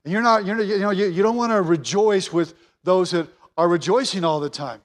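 Pastor guy, high voice, earnest sermon, says stuff twice to drive it home. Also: fairly quick. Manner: earnest, repeats phrases for emphasis.

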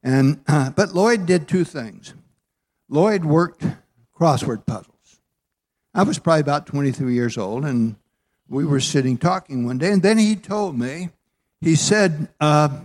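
A man's voice: on the high side, animated, a little slow, a little mellow. Chatty man in his eighties preaching. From Southern California. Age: 80s. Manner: folksy and chatty, with many fillers and laughs. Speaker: pastor. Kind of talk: sermon. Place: church sanctuary.

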